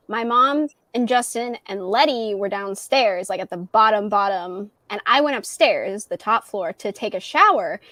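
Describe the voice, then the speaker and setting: A woman's voice: a little high, pushed and bright, dry recording. Chatty woman telling a spooky story. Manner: chatty, retells dialogue with lots of "like". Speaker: guest on a livestream. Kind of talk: casual storytelling chat. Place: at home in a townhouse.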